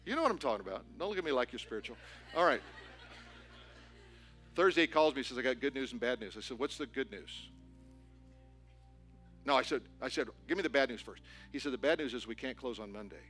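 Bright-voiced pastor telling a story. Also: male voice, mid-range voice, a little fast, long pauses, faint music behind. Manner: animated storytelling with rising excitement. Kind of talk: sermon. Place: church auditorium.

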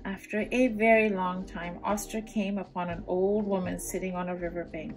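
A woman reading a children's storybook aloud, pausing for gentle asides to young listeners. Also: medium pitch, flat delivery, over music. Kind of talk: children's read-aloud narration.

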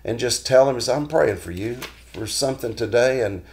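A man hosting a weekly devotional talk, telling stories in a folksy, unhurried way full of restarts. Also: mid-range voice, expressive, darkish tone. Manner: folksy storytelling with frequent restarts.

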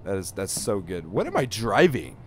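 A man's voice: on the low side, big pitch swings, normal speed, slight background noise. A young man chatting and joking through a horror game for his viewers, swearing now and then. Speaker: gaming youtuber. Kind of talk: let's play commentary.

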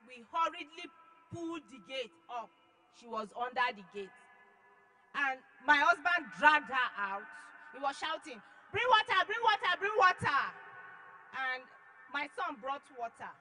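A woman giving an emotional church testimony, dramatic, acting out her own shouts and then dropping to hushed tones. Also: high voice, lively intonation, unhurried, soft background music, poor audio. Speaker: testimony giver.

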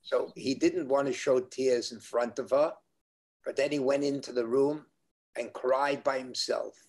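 An older man, a rabbi, answering interview questions in a measured, earnest way. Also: mid-range voice, steady tone, a little mellow.

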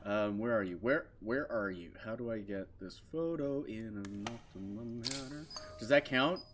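A man's voice: lowish voice, normal speed, fairly bright tone, faint music behind. A man commentating a horror game as he plays, jumpy and muttering to himself, breaking into shrieks when scared. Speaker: gaming channel host.

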